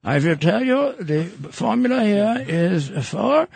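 Older ny guy hosting a podcast, slightly high husky voice, rambly and jokey. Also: sing-song, slow, a little mellow, dry recording. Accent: New York. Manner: rambling, joking, with many fillers and restarts. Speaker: podcast host. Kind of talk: casual political talk show chat.

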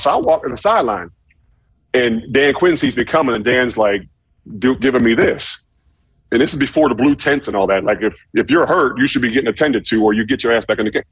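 Husky guy telling a rowdy story, swears a lot, jumps up loud when quoting himself, dry sound. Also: mid-range voice, dry recording. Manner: profane, animated storyteller acting out shouted quotes. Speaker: former football player telling a story. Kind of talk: casual storytelling.

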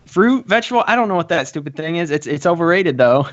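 A man's voice: on the high side, animated, quick pace, a bit bright, no room sound, dull audio. A man co-hosting a casual gaming podcast, playful and teasing. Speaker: podcast co-host.

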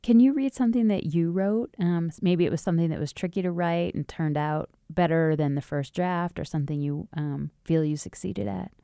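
A woman radio interviewer asking gentle, searching questions. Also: on the low side, moderate pace, gravelly, few pauses, clean tone, no room sound, studio quality.

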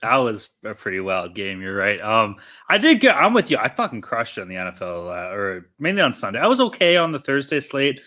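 A man's voice: on the low side, very animated, fairly quick, few pauses, pushed and bright. A man co-hosting a sports betting podcast, talking casually and ranting with heavy swearing. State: tired. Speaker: podcast co-host.

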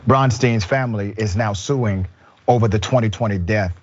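A man hosting a political commentary show with an emphatic, measured delivery. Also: lowish voice. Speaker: show host. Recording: dull, lo-fi sound.

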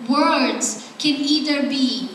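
A woman gives a heartfelt, earnest sermon in a high, light voice. She sounds conversational and sincere. The recording is echoey, with a long hall reverb and a mic some distance away. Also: very slow, slight background noise. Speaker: preacher.

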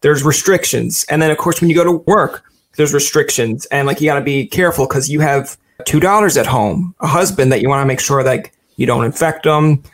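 A man's voice: medium pitch, fairly quick, few pauses. A man interviewing a guest in a loose, rambling way, acting out quotes as he talks. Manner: chatty, rambling, acts out quotes. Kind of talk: casual interview chat.

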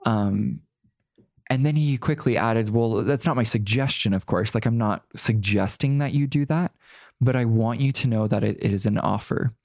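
A man's voice: fairly low pitch, moderate pace, darkish tone, no echo, studio quality. A young man, a guest in an interview, telling a personal story in a chatty way, full of "like" fillers and sassy asides.

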